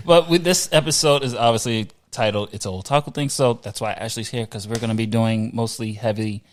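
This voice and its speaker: A man's voice: medium pitch, a little fast. A man hosting a podcast in casual chat, rambling along and restarting his sentences. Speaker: podcast host.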